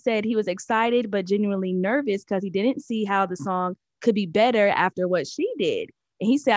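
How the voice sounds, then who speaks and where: A woman co-hosts a music show and talks about new releases in a relaxed, easygoing way. Her pitch sits in the middle range. The recording is dry and close. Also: no room sound. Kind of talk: casual music chat.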